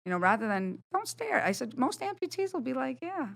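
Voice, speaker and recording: A woman's voice: sits high, sing-song, fast talker, vocal fry. A woman, a guest on a studio podcast, speaking bluntly and animatedly about her own experiences, swearing casually. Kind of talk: candid conversational storytelling.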